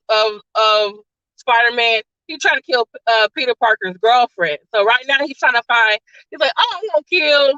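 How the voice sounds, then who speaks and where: A woman's voice: high voice, sharp tone, no echo, lo-fi sound. A woman reviewer retelling a movie plot in a casual, rambling way, full of "like" and "all of a sudden.". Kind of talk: casual spoiler-filled plot recap.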